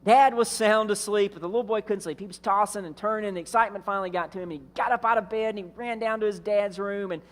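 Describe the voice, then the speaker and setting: A male senior pastor delivers a sermon in a high-pitched voice. He tells his story in a relaxed way, stretches out the important words, and lets his lines fade softly at the end. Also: quick pace, few pauses. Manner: storytelling, drawing out key words and trailing off softly.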